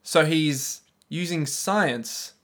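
A man co-hosting a casual podcast chat about an anime, talking in an excitable, exaggerated way. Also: on the high side, extremely slow. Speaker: podcast co-host.

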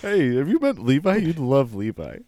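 A man's voice: medium pitch, huge pitch swings, normal speed, warm tone. A man chatting in a game voice chat, teasing the others.

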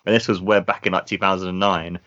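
A man talks enthusiastically on a podcast, rambling from one point to the next. His voice sits a little low. The recording is dull and lo-fi. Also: level tone, fast, fairly bright tone. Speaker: podcast co-host. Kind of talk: casual chat. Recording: dull lo-fi sound.

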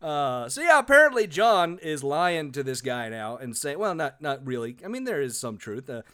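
A man's voice: on the high side, very animated, moderate pace, fairly bright tone, clear, resonant tone. A man co-hosting a casual book review podcast, joking and reading passages aloud in a mock-dramatic voice. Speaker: podcast co-host.

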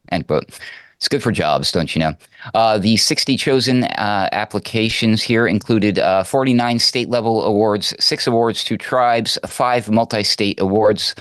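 A man with a fairly low voice reads out political news, breaking in with dry, mocking asides. His sound is close and dry, with no room around it. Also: a little slow, fairly bright tone, dry recording. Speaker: political commentator. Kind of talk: sarcastic news commentary.

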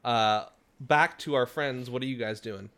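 A man narrating a tabletop game as game master, in a lively storytelling manner. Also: medium pitch, a little slow, smooth.

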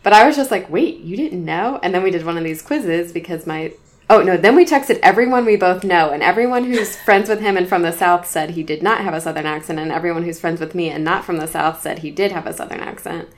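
A woman's voice: lowish voice, fairly quick. Laughing, easygoing woman podcast co-host. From Arizona and the American South. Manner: laughs often, relaxed and joking. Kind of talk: casual chat.

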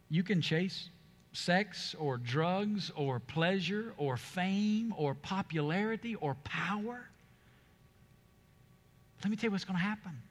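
A man preaches a sermon in a big church hall, and his voice carries with a long reverb. His voice sits high and sounds bright and forceful. He drives home key words with emphatic stresses. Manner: preaching with emphatic, rising delivery. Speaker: pastor.

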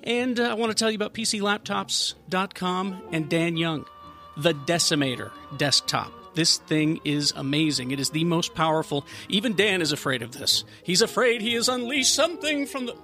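A man hosting a casual podcast, loud and playful, laughing often and reading an ad. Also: sits high, lively intonation, normal speed, soft background music. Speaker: podcast host. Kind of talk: casual podcast banter and read ad.

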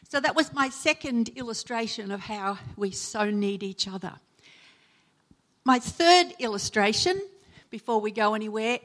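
A woman preaching a sermon, telling personal stories and acting out the people she quotes with sudden emotional lifts. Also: medium pitch. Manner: storytelling, acts out quoted voices with sudden loud emotional lifts. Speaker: preacher and chaplain.

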